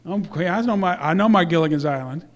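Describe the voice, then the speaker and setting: A man's voice: high voice, quick pace. A man speaking casually to a church congregation, presenting youth awards in a rambling way with fillers and self-corrections.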